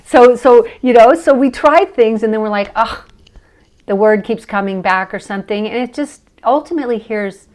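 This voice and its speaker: A woman's voice: fairly high pitch, normal speed, hardly any pauses, a little mellow. A woman with an American accent, a podcast guest who teaches chakras, talking casually and laughing often as she thinks aloud. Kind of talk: casual interview conversation.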